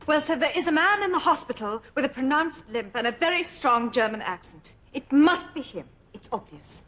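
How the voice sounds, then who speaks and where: An actress playing a prim, demure young nurse who is secretly a spy. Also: female voice, high-pitched, lively intonation, normal speed, fairly bright tone. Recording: TV clip audio with faint noise.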